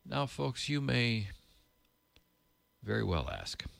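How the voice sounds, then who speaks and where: A man's voice: mid-range voice, very animated, takes it slowly, gravelly, a bit bright, dry recording. A man teaching from the Bible, reading passages aloud and adding plain, casual comments. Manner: reads scripture aloud, then adds plain casual asides.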